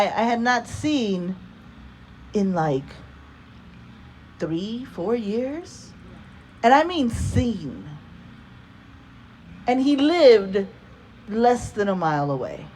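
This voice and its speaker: Woman storyteller, unhurried and profane, live-stage anecdote delivery. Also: on the low side, darkish tone, a little hiss or hum. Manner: casual, profane, laughing asides. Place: live storytelling event before an audience.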